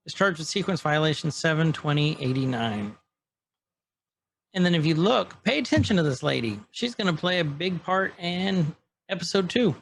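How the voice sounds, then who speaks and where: A man with a gravelly, slightly raised voice talks through a show on a casual podcast, slipping into its lines as he goes. Faint room ambience hums behind him. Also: on the high side, moderate pace, a little hiss or hum. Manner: animated, acts out scene quotes in passing. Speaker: podcast co-host. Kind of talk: casual chat, recapping a show.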